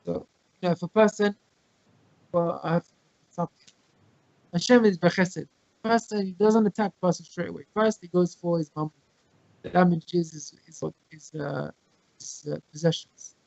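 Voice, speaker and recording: A man teaching a Torah class over a video call, explaining with everyday examples and quoting Hebrew texts quickly. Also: sits high, vocal fry, darkish tone, no room sound. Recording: muffled, dry video call audio.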